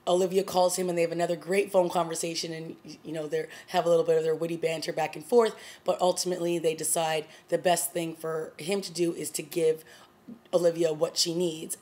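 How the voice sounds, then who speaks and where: A woman with a fairly low voice talks through a TV episode in a relaxed vlog. She is chatty and animated, leaning on "you know" and "like" as she retells the scenes. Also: fairly quick. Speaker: TV review vlogger. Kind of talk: casual solo TV episode review.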